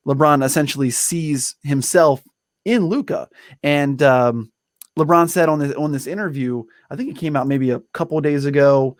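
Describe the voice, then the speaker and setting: A man's voice: medium pitch, no echo, clean studio sound. A man hosting a sports podcast, chatting casually and enthusiastically with plenty of fillers and restarts.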